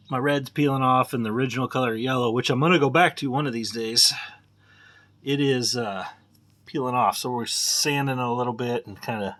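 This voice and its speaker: Plainspoken man talking through car work. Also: medium pitch. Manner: rambling, plainspoken, mutters while working. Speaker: car hobbyist vlogger. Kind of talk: casual talk while working on a car.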